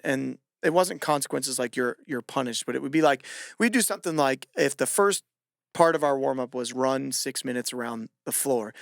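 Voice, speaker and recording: Gravelly-voiced man hosting a coaching podcast. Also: medium pitch, no room sound, studio quality. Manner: animated, acts out shouted quotes. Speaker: podcast host and gymnastics coach. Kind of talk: casual storytelling chat.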